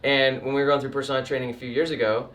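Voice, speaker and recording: Racing along in a level, slightly bright middle-pitched voice, a sales trainer and painting business owner gives a casual, emphatic lesson. He acts out different customer types. The room sounds roomy, and he seems a bit far from the microphone.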